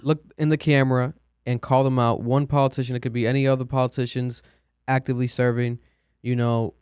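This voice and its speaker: Man, podcast host, casual, lots of "you know", smooth voice, dry sound. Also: mid-range voice, level tone, a little fast, a little mellow, no echo. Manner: casual, loose, filler-heavy. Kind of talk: interview questions and sign-off.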